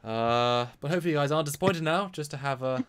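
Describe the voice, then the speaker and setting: A man's voice: fairly high pitch, quick pace, smooth. Chatty man rambling on a live stream. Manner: rambling, with many restarts and repeated words. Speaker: livestream co-host. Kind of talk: casual live-stream chat.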